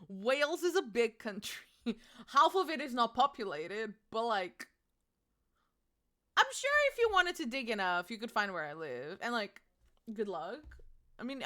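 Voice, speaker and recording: A woman's voice: fairly high pitch, pushed and bright. A young woman streaming from her home, chatting casually and playfully with her chat and swearing freely.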